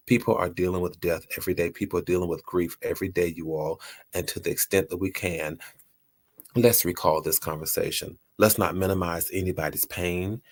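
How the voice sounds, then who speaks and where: A man hosting a motivational talk, earnest and repeating his phrases for emphasis. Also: deep voice. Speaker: host.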